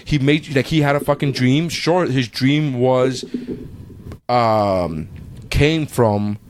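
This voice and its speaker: A man in his thirties hosting a podcast, telling a story in casual chat, animated and swearing freely. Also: medium pitch, slow pace, no echo. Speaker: podcast host.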